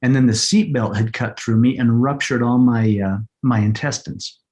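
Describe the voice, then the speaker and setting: A middle-aged man telling a personal story as an interview guest, earnest and halting, often repeating words as he searches for them. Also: mid-range voice, steady tone, darkish tone. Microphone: podcast microphone.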